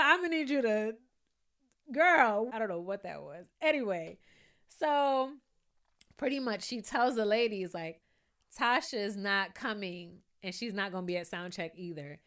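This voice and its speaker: A woman's voice: on the high side, measured pace. A woman giving a casual, chatty recap and commentary, laughing often and acting out quotes from the show. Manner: chatty, animated, often laughing and quoting people. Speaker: YouTube reviewer.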